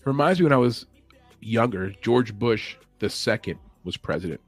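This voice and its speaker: A man's voice: fairly low pitch, lively intonation, moderate pace, soft background music. Rambling opinionated man hosting a podcast. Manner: rambling, opinionated, chuckles often. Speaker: podcast host. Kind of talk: casual opinion chat.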